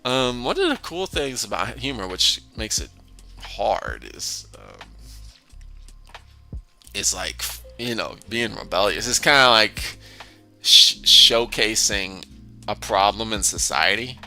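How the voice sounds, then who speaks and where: Speaking slowly with big swings in pitch, the philosophy channel host has a lowish, pushed, bright voice, backed by soft music. His talk is a casual monologue that meanders, restarting repeatedly, with chuckles scattered between points.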